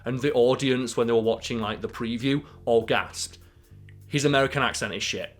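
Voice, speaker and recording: A man co-hosts a casual film podcast and gives blunt, opinionated takes. He swears freely as he talks. His voice sits at an ordinary middle pitch. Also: normal speed, faint music behind. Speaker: podcast co-host.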